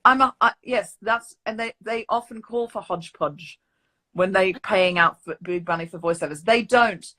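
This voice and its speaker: A woman's voice: mid-range voice, normal speed, bright, forceful tone. A woman podcast host with an accent between British and Australian, asking questions in a playful, teasing chat. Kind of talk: casual interview chat.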